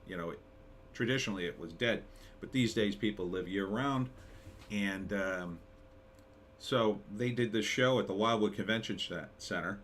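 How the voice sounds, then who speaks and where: A man's voice: on the low side, moderate pace, fairly bright tone, slight background noise. A middle-aged man from New Jersey hosting a live stream, chatting casually in a rambling way with many fillers and restarts while reading chat comments.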